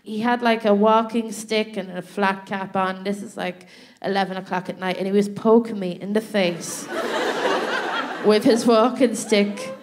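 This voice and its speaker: With a steady, mid-range voice and a measured pace, an Irish woman spins a story on a theatre stage while co-hosting a live comedy podcast show. Her manner is chatty, full of laughter and frequent "right?"s.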